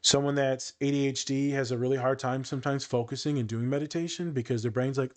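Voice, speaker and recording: A man's voice: medium pitch, steady tone, fast. A young man hosting a podcast, chatting casually and joking, with casual swearing. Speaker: podcast host and therapist. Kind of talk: casual chat.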